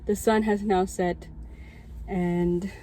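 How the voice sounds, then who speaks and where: A woman's voice: mid-range voice, flat delivery, slow pace, dark tone, slight background noise, poor audio. A young woman, a student chaplain, sharing a heartfelt personal testimony, emotional and near tears, speaking from her car. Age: young adult. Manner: heartfelt, tearful, laughing. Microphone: camera in a car.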